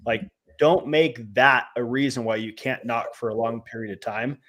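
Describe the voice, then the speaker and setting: Young male co-host, middling pitch, casual coaching talk, fillers, phrases trailing off. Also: normal speed, fairly bright tone. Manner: conversational, filler-heavy, drops volume at ends of phrases. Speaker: co-host, real estate trainer. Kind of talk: casual live-stream coaching.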